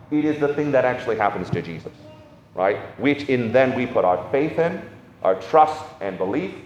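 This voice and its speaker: A man preaching an informal sermon on catechism, conversational and animated, often asking "right?" between points. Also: fairly low pitch, slight background noise. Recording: echoey hall, faint ambience.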